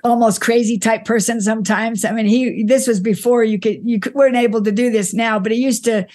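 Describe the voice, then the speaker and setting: Middle-aged woman, interview guest, slightly high pitch, reminiscing with restarts. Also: fairly even intonation, brisk. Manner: warm reminiscing with frequent restarts and soft laughs. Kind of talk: conversational storytelling.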